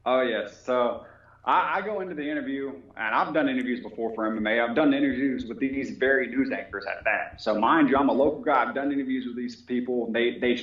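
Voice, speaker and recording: A polite, humble man talking about his fight training and telling stories in a casual interview. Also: mid-range voice. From United States. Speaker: fighter and police officer. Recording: very echoey, dull audio.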